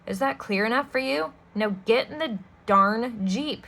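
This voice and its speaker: A woman's voice: fairly high pitch, measured pace, gravelly, a bit bright, full character voice, low-quality recording. A woman reading aloud and voicing a sinister, scheming adult male villain with a sneering, menacing manner. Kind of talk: storybook read-aloud.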